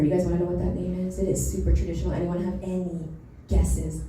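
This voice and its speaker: A woman's voice: on the low side, little pitch movement, fast, hardly any pauses, recorded from a distance, background noise. Chatty young woman doing stand-up, echoey club. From Nicaragua. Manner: chatty, loses her place, laughs at her own jokes. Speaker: stand-up comedian. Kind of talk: stand-up comedy set. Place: comedy club stage. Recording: echoey club recorded from afar.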